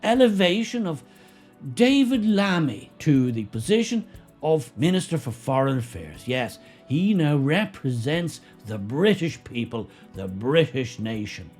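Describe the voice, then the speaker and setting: A sardonic man delivers political commentary with a lively, swooping pitch. His tone is mocking and emphatic. Faint music plays under him. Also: measured pace. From Ireland.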